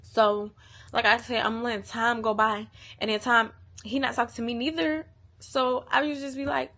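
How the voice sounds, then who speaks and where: A woman's voice: on the high side, steady tone, moderate pace, sharp tone. A woman, venting candidly and emotionally to the camera, profane and repeating herself. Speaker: vlogger.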